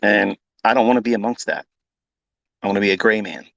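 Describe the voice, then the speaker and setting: A man's voice: lowish voice, a little fast, creaky, a bit bright, no echo, rough recording. A man teaching trading as a mentor, ranting bluntly with heavy swearing and repetition. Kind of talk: unscripted profane rant.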